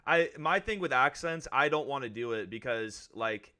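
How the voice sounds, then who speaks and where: Podcast co-host, male, bright forceful tone, rambly and full of fillers. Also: mid-range voice, animated, normal speed. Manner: rambling, hedging with many fillers. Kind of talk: casual chat.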